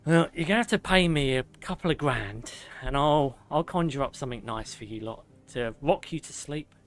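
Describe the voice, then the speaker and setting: A young man streaming a game, reading lore slowly and drawn-out, with joking banter in between. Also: mid-range voice, animated, a bit bright. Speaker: gaming streamer.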